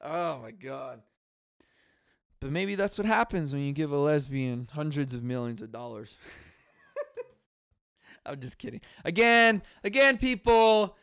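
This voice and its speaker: A man hosting a comedy podcast, ranting in a profane, sarcastic, animated way. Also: on the high side, takes it slowly, vocal fry, long pauses, clear, resonant tone, no room sound, clean studio sound. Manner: profane, sarcastic, animated, laughs at own jokes. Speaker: podcast host. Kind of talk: comedic rant.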